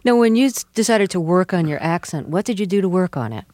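A radio interviewer with a mid-range voice reads a scripted introduction, then asks questions at the same measured pace. The recording is dry and close, with no room sound. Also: mid-range voice, expressive, darkish tone, dry recording.

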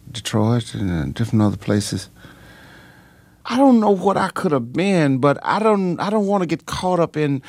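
A pastor and singer telling his story in a radio interview, animated and repetitive, with many pauses and ums. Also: mid-range voice, dry recording.

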